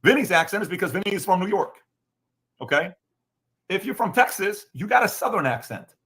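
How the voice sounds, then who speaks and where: A man's voice: sits high, big pitch swings, a little fast, fairly bright tone. A man from Iran with a Middle Eastern accent, talking as a podcast guest in an emphatic way that is full of rhetorical questions. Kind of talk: opinionated podcast talk.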